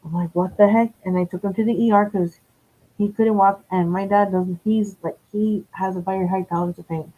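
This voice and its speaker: A woman's voice: medium pitch, fairly even intonation, fairly quick. A woman, telling a long story on a live stream in a rambling, profane way, correcting herself as she goes. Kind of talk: casual storytelling. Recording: dull lo-fi stream audio.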